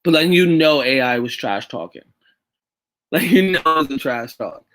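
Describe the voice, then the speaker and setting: A podcast host with a medium-pitched, fairly bright voice talks at a normal speed and with plenty of expression. He runs a casual sports talk show, rambling loosely, restarting his sentences, and swearing freely.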